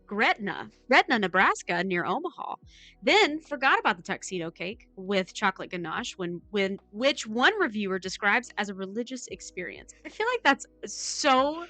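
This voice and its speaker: A woman with a bright, crisp tone reads a news story aloud to a friend, dropping dry little comments between sentences. Her voice sits close and dry with no room echo, and faint music plays underneath. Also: mid-range voice, sing-song, moderate pace. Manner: wry asides while reading. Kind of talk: casual chat, reading a news story aloud.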